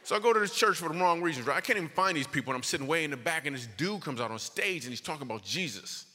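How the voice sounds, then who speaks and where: A man doing stand-up storytelling as a comedian, animated, his voice leaping high for punchlines. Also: very fast. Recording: long reverb of a hall.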